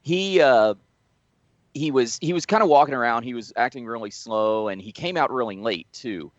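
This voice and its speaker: A man's voice: mid-range voice, normal speed, no echo, dull audio. A man co-hosting a podcast, telling a long anecdote in casual chat with restarts and laughs along the way. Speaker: podcast co-host.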